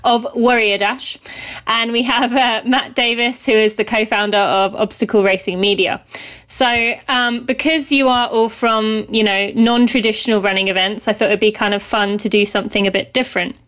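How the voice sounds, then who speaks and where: A woman with a British accent hosting a podcast interview, chatty and quick to laugh, often correcting herself mid-sentence. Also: a little high, steady tone, fairly bright tone. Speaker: podcast host. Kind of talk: casual interview chat.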